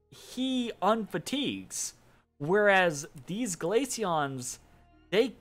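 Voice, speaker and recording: A man's voice: on the high side, a bit bright. A man casually commentating his own strategy game turn, rambling, correcting himself and making wry asides. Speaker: let's play commentator.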